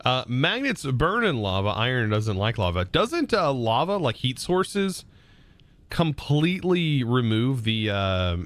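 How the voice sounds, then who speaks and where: Animated Southern man streaming live. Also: mid-range voice, unhurried, dry recording. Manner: animated, reads chat aloud, laughs often. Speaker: game streamer. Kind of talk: casual live-stream chat.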